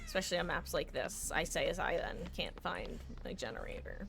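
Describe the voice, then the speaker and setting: A woman's voice: lowish voice, expressive, fairly quick, gravelly, a bit bright, faint music behind. Chatty self-mocking woman streamer. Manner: chatty, thinking aloud, self-deprecating asides. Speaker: game streamer. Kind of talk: casual gameplay commentary.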